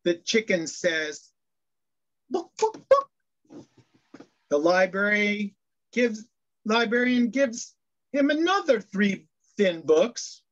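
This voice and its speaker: Male minister preaching slowly, tells jokes with lots of restarts, dull lo-fi recording. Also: high voice, animated, fairly bright tone. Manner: storytelling jokes, hesitant with restarts. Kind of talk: sermon. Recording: dull lo-fi sound.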